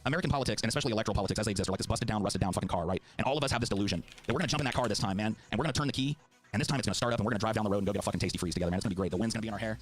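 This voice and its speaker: A man's voice: fairly low pitch, rapid-fire, faint music behind. A middle-aged man in a heated political debate, speaking passionately and swearing freely. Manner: fiery, profane, heartfelt. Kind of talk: impassioned debate.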